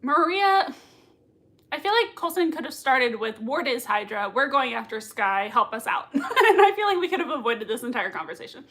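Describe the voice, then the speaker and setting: A woman hosting a live reaction stream from home, her voice sharp, bright and pitched a little high. She gushes over what she watches and breaks into laughter often. She reads viewer comments aloud in a quick, excitable chat. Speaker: livestream reaction host.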